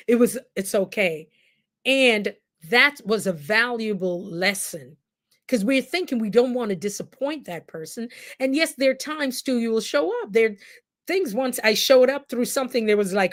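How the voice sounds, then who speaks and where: A woman hosts a relaxed live stream from a computer mic. She talks directly to her viewers, animated and quick to laugh, with her voice rising and falling in the middle of her range. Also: mid-range voice. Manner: animated, laughs often, speaks straight to viewers. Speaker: host; nurse and coach. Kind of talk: casual livestream talk to viewers.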